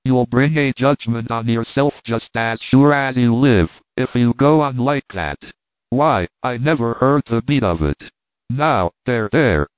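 A man voicing a fussy, motherly older aunt who scolds and gives orders in a loud, chiding voice. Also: medium pitch, animated, unhurried, no echo, close to an everyday voice. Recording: tinny phone-like line, dry.

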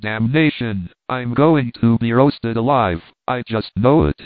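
A man voicing a sharp-tongued, irritable young man who speaks with biting sarcasm. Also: medium pitch, animated, a little slow, dry recording, natural voice. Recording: tinny phone-like line, dry.

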